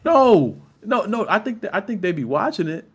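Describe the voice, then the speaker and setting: A man's voice: high voice, sing-song, husky. Male co-host, insistent and repetitive, casual wrestling talk. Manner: emphatic, repeats himself, slow and insistent. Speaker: podcast co-host.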